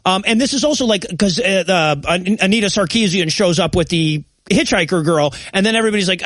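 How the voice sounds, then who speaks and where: A man's voice: high-pitched, fairly quick, few pauses, fairly bright tone, dry recording. A man co-hosting a comedy podcast, recapping a bad movie in a rambling, sarcastic way with frequent laughs. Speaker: podcast co-host.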